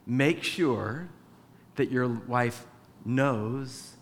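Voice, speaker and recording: A man's voice: medium pitch, very slow, a little hiss or hum. A man preaching a sermon in a church, conversational, acting out little dialogues. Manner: conversational, acts out dialogue with his wife. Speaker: pastor. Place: church with a sound booth. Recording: reverberant church hall.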